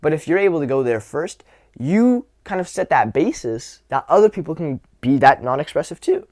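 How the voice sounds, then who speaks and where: Easygoing man coaching on vocal expression. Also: on the high side. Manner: demonstrative, swings from whisper to loud to show vocal dynamics; relaxed, grounded, drawn-out delivery with sighs. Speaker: social skills coach. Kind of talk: casual instructional talk.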